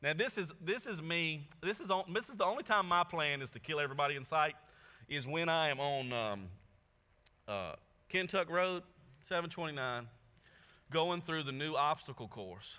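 A man preaching from a church stage, his voice very bright and ringing with a long hall reverb around it. He talks to the room casually, slips into slang, and plays out the biblical figures he reads about. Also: fairly high pitch, animated, moderate pace. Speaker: pastor. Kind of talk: sermon.

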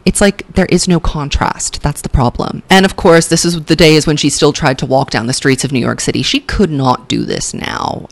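A woman chats through fashion commentary with a lively, bouncing pitch. She is sassy and blunt, swears freely, and stretches her words for emphasis before rushing ahead. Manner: sassy, gushing and cutting by turns, swears freely; drawls words for emphasis, then rushes. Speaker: pop culture vlogger.

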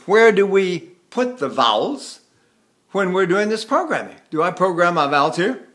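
An older voice teacher from the United States talks through singing technique in a high, bright voice. He rambles and restarts, now and then breaking into sung vowels to show what he means. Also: big pitch swings, moderate pace. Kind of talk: vocal lesson with sung demonstrations.

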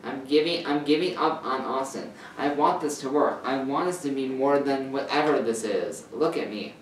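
A young man voicing a teenage boy pleading with his boyfriend, halting and repeating words, on a distant mic in a roomy space. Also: medium pitch, slight background noise, natural voice.

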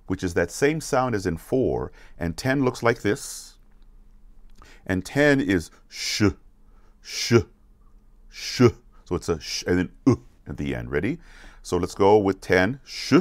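A man teaching children a counting song, going slowly and repeating each word so they can follow. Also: low-pitched, big pitch swings, dry recording. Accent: American. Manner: repeats words slowly, asks questions to check along. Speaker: music teacher. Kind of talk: slow, patient lesson for kids.

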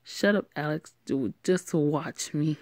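A woman's voice: sits low, slow pace, a little mellow, no room sound, clean studio sound. A woman voicing a drunk, pushy teenage boy in a homemade voiced story who talks in brash, insistent bursts. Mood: snapping.

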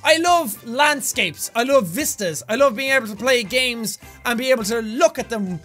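A young Irish man riffs to his viewers in a very high, bright voice, rambling from thought to thought and bursting into loud yells. Faint music plays underneath. The delivery is loose and casual, like an online video host. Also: normal speed. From Ireland. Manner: animated, loud bursts of yelling, rambling asides. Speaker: gaming YouTuber. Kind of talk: energetic casual commentary to camera.

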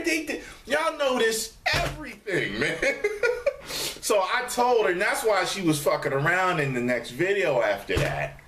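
Man, casual vlog to camera, profane, animated, lively pitch, roomy echo, faint background hum. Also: unhurried. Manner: animated, profane, mimics commenters in a raised voice. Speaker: vlogger. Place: dining room of a studio apartment, indoors.

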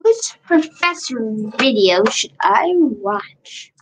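Lively high-voiced woman streamer. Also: slow pace, low-quality recording. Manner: talks to herself while working the screen, repeats questions. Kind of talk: casual live-stream chatter.

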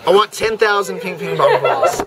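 A man's voice: high voice, normal speed, close to an everyday voice. A teenage boy voicing a cool, secretive teenage son in a joke story, casual and offhand. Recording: outdoor crowd chatter.

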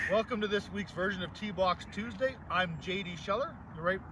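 High, lively man, distant outdoor mic. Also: very noisy. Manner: loses his lines and restarts. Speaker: golf instructor. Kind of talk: flubbed on-camera takes for a golf tip video.

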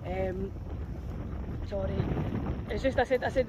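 A woman's voice: mid-range voice, fast talker, noisy background. A young Scottish woman chatting casually on a dog walk outdoors, scattered and self-mocking, with the odd swear. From Scotland. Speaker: dog walker vlogger. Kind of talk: casual chat.

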